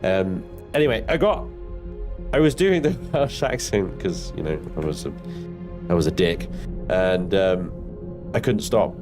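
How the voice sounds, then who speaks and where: A man's voice: low voice, animated, measured pace, pauses often, over music. Chatty man streaming a game. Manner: chatty, jokey, self-mocking. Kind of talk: live gameplay commentary.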